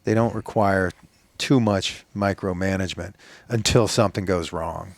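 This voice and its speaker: A man in his fifties, a retired military leader, talking reflectively as a guest in a casual interview, soft-spoken with pauses and fillers. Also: low-pitched, dry recording.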